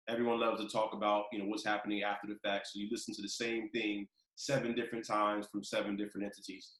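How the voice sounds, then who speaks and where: A man hosting a casual talk show, telling lively stories and acting out the quotes. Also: lowish voice, reverberant, low-quality recording. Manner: animated storyteller, acts out quotes. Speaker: podcast host. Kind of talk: casual storytelling chat.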